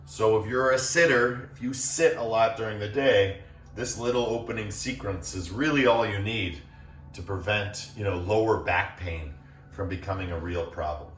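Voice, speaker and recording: Guiding a gentle yoga session, he stays calm, shows the poses while explaining, and checks in with the class using "right?" His voice is on the low side at a normal pace, distant from the mic in an echoey space, with faint music behind.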